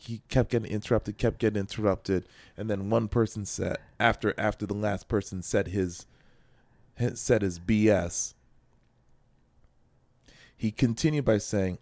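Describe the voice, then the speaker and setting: Low-voiced male podcast co-host. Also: normal speed, long pauses, no room sound. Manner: rambling, animated, jokey. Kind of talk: casual news chat. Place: local radio studio.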